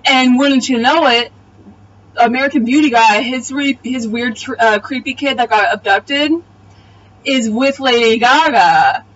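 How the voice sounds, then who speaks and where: A woman's voice: fairly high pitch, measured pace, a bit bright, far from the mic, muffled recording. Blunt, profane woman recapping a show. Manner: blunt, profane, exasperated retelling. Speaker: TV episode reviewer. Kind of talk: casual video review recap.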